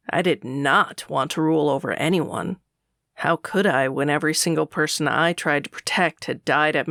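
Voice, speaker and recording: A man narrating a romance audiobook in the first person, with a steady, unhurried delivery and a gravelly voice. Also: on the high side, no echo, studio quality.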